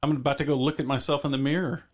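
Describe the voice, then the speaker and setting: A man hosting a live stream in a relaxed, easygoing way, prompting his guest with questions. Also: medium pitch, racing. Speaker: stream host. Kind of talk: casual stream chat.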